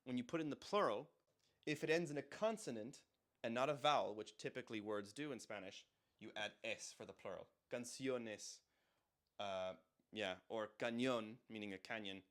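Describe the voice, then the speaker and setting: A man's voice: mid-range voice, moderate pace, a bit bright. Casual man explaining grammar. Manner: conversational, repeats example phrases aloud. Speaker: Spanish teacher.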